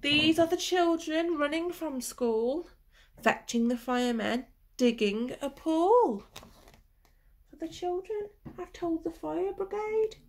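A woman reads a picture book aloud to young children, her voice high and her pace slow and unhurried. She speaks in a gentle, sing-song way, pausing to ask questions and sometimes dropping to a whisper. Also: lively intonation. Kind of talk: children's storybook reading with questions to the listener.

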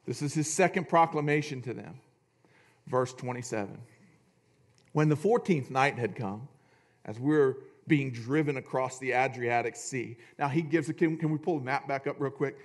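A man preaching a sermon in a church, animated and jokey, reading scripture aloud between asides. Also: fairly high pitch. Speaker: pastor.

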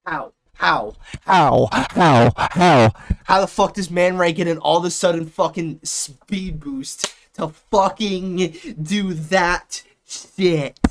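A young man giving loud, excitable gameplay commentary, swearing and yelling at the game as he plays. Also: sits high, takes it slowly, few pauses. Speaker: gaming YouTuber.

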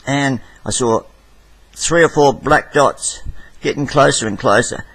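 A man's voice: mid-range voice, unhurried, fairly bright tone, husky, poor audio. An Australian man telling a rambling vlog story, blunt and profane, with stammered restarts. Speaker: vlogger.

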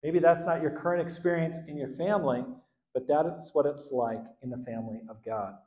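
A man preaching a sermon as pastor, animated, swinging between loud outbursts and quiet asides and acting out the quotes. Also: on the high side, fairly quick, echoey room. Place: church hall.

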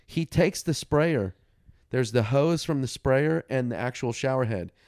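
Profane storytelling dad on a podcast. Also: male voice, medium pitch, measured pace, no room sound, clean studio sound. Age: young adult or 30s, a father. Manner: profane, animated storyteller who acts out quotes. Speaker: podcast co-host. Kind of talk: casual storytelling chat.

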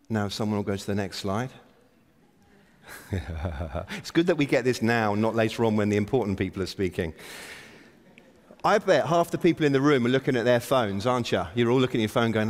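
A man giving a conference opening address from the stage, wry and self-deprecating as he urges the audience to act. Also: mid-range voice. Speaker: keynote speaker. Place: large conference hall stage. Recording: long reverb of a big hall.

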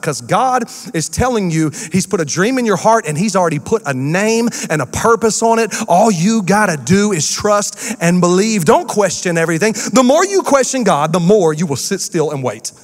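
A pastor delivers a sermon in a church sanctuary, telling stories animatedly and acting out different voices. His high voice leaps around at a moderate pace with few pauses, and the sanctuary adds a long, echoing hall reverb.

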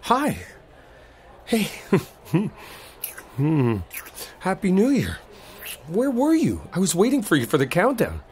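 A man's voice: sits high, wildly swooping pitch, takes it slowly, pauses often, a little mellow, slight background noise. A man voicing a protective boyfriend in a role-play audio, often swearing. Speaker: ASMR audio performer playing a protective boyfriend.

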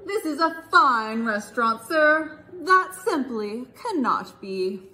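A woman's voice: high-pitched, expressive, takes it slowly, sharp tone, soft background music, exaggerated voice. A woman voicing a polite, formal male waiter in a fine restaurant, speaking in a courteous, prim manner.

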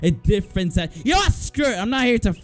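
A young man calls out a horror game as he plays it, loud and joking, with swearing and frequent laughter. His high voice jumps all over the place, and faint game music runs underneath. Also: animated, fairly quick. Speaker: gaming video host. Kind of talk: let's play commentary.

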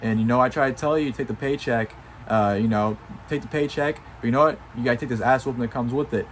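A man records a casual review vlog, his voice sitting at an ordinary middle pitch. He gushes and swears freely, with loose, filler-heavy phrasing. A faint hiss sits under the talk. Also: fast talker. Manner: excited, swears freely, many fillers like "you know". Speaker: wrestling show reviewer.

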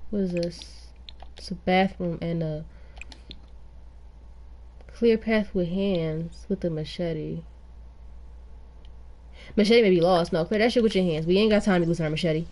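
A woman's voice: lowish voice, measured pace, pauses often, darkish tone. A young woman streaming a life-sim game, giving casual, exasperated running commentary and swearing often.

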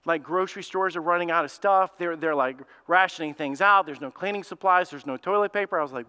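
A man preaching a sermon as pastor, telling a story in a lively, conversational way. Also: sits high, fast talker, few pauses, smooth. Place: church sanctuary. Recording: long hall reverb.

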